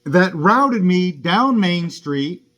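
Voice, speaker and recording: A man's voice: high voice, lively intonation, extremely slow, fairly bright tone. A man who drives for a rideshare service, giving an indignant first-person account of a run-in with police. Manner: indignant, aggrieved storytelling.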